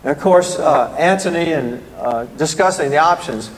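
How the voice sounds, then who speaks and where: A man's voice: fairly high pitch, normal speed, long reverb tail, rough recording. An older man from the American South with a Southern drawl, giving a guest preacher's rambling, folksy opening remarks in a church. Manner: rambling, folksy, self-deprecating. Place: church hall.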